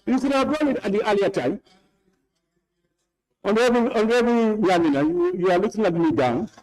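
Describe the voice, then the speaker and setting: A stern man with a Gambian English accent presides over a parliament chamber, scolding members and repeating himself. His voice sits high for a man, and he speaks into a desk microphone. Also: brisk, darkish tone, poor audio. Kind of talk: presiding over a heated debate.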